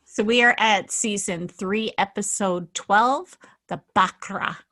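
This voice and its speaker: A woman's voice: medium pitch, slow pace, sharp tone. A woman from Canada co-hosting a podcast in casual chat, giggly, teasing and rambling. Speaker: podcast co-host.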